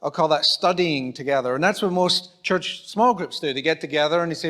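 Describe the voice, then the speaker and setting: This pastor's voice is on the high side and fairly bright, and he preaches briskly with few pauses. Speaking with a Scottish accent in a church auditorium, he's conversational, acts out little exchanges, and jokes about himself.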